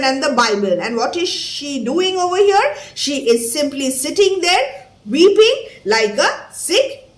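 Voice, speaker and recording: A woman teacher reads a play aloud line by line, stopping to gloss words and explain each passage in simple terms. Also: high-pitched. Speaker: English teacher. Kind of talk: line-by-line literature lesson.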